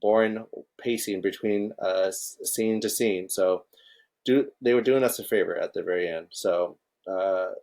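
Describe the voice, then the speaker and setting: A man's voice: low-pitched, a little slow, creaky, darkish tone. A man co-hosting a casual film podcast, talking hesitantly with many restarts. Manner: hesitant, lots of fillers and restarts. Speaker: podcast co-host.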